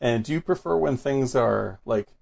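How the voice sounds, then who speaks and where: A man with a gravelly, husky voice hosts a relaxed film chat. He talks loosely and fills his sentences with "like". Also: medium pitch, normal speed. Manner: chatty, fills with "like". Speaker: podcast host. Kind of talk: casual film discussion.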